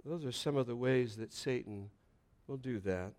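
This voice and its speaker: A man preaching a sermon, reading scripture and explaining it, building to loud emphatic points and dropping to quiet, low passages. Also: normal speed. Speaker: pastor.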